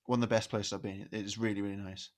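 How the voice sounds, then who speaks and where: A man from England co-hosting a casual chat podcast, telling lively stories and acting out the voices. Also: fairly low pitch, very fast. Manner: animated storyteller, acts out voices. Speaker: podcast co-host.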